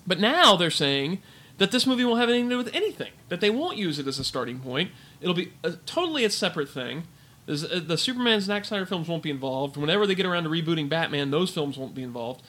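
A man's voice: fairly high pitch, fast. A man co-hosting a podcast, chatting casually and ranting with lots of fillers. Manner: ranting, animated, filler-heavy. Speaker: podcast co-host. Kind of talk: casual chat.

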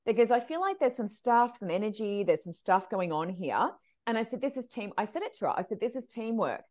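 Animated woman medium, casual podcast guest, acts out quotes, very lively pitch. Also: a little fast. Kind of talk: casual storytelling chat.

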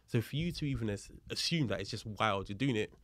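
A man, a guest on a podcast, telling a story in a lively, casual way and acting out the other people's voices, with street slang and swearing. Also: fairly low pitch, a little fast, dry recording. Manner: animated, acts out the voices of people in his story. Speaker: podcast guest, police officer.

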